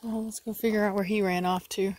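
A woman's voice: mid-range voice, flat delivery, a little fast, noisy background. A woman, a dog breeder talking casually to camera while firmly shushing and commanding her dogs. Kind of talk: casual vlog narration.

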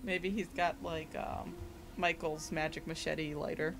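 Woman, let's play co-host, casual chat, dry sarcasm, deadpan jokes. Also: low voice, measured pace, vocal fry, over music. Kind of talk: casual gameplay commentary.

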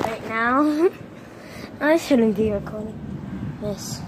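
A woman vlogging casually on her phone outdoors, playful and excitable, making silly sound effects and letting out sudden yelps. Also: fairly high pitch, takes it slowly. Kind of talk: casual vlog commentary. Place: outdoors in a storm. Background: thunder and rain noise.

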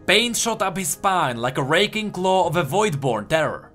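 A man reading a dark fantasy tale aloud with a dramatic, expressive delivery. His voice sits fairly high and swings widely in pitch, with soft music playing behind him. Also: moderate pace. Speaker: lore narrator. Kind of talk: storybook narration.

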